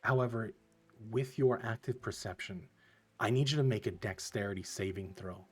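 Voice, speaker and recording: A man's voice: medium pitch, normal speed, soft background music. A man running a tabletop fantasy game as game master, describing scenes vividly and calling for rolls. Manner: vivid descriptive narration, rising intensity in danger.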